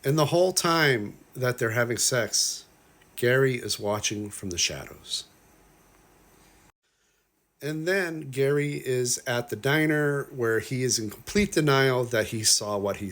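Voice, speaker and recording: A man's voice: medium pitch, lively intonation, fairly bright tone. A man casually breaking down a film as a reviewer, chatty and full of "like", with exasperated, incredulous asides. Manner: chatty, lots of "like", quick asides. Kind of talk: casual movie breakdown commentary.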